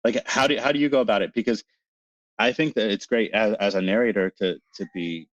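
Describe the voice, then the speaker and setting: A man from Canada, a narrator guest in an interview, talking in an animated, excitable way and laughing often. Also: fairly low pitch, brisk, no room sound, muffled recording. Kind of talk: casual interview chat.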